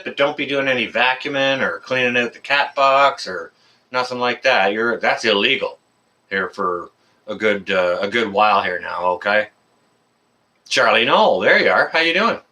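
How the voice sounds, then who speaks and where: Hosting a relaxed live stream, this Canadian man speaks at medium pitch with a sharp tone. His welcomes to viewers by name are friendly and meandering, full of filler words.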